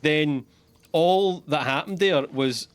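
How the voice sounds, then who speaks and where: A Scottish man giving jokey, animated commentary while streaming a game. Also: a little high, slow pace, smooth. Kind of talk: gameplay commentary.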